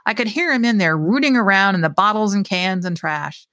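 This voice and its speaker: A woman's voice: mid-range voice, expressive, fairly quick, pushed and bright, no room sound. A woman author reading her own short story aloud with expression, and chatting casually and hesitantly about it afterwards.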